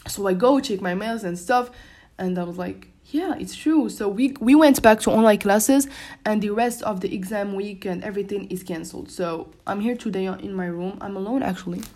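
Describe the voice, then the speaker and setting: A young woman, a native French speaker, chats through her own solo podcast from her bedroom. She rambles loosely, restarting sentences and leaning on fillers, at a mid pitch for a woman. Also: moderate pace, dark tone. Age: young adult. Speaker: podcast host. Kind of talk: casual solo podcast chat. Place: her room at home.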